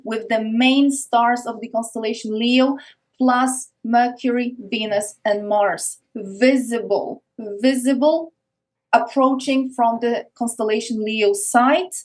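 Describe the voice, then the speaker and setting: A woman with an Eastern European accent speaks as an interview guest, her voice sitting somewhat high. She explains with intensity and often restarts and repeats words. On important phrases she slows right down. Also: darkish tone. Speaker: podcast guest. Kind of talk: earnest conversational explaining.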